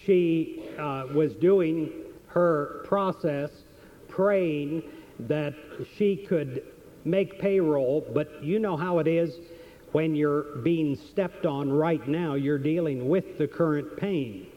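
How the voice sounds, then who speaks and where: Speaking slowly in a fairly high voice, a seminar speaker shares stories in an earnest motivational talk, circling back to his key questions again and again. The audio is dull and lo-fi.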